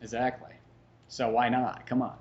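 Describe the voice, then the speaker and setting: A man's voice: medium pitch, little pitch movement, moderate pace, dull audio. A young man hosting a podcast in casual chat, rambling and swearing freely. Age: young adult. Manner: rambling, swears freely, slips into mocking voices. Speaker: podcast host.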